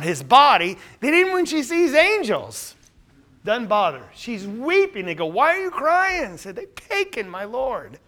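A man preaching a sermon, asking the listeners questions and answering them himself, building to emphatic, louder points. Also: high voice.

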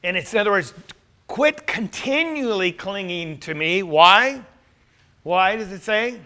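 A man's voice: sits high, expressive, unhurried, pushed and bright. A man teaching a Bible class in a conversational way, asking the group rhetorical questions.

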